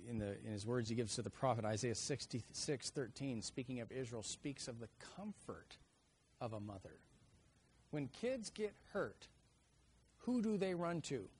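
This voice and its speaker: A middle-aged man preaching a sermon, telling family stories and acting out children's cries with lively energy. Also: medium pitch, unhurried, long pauses, breathy edge. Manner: animated storyteller, acts out kids' shouts.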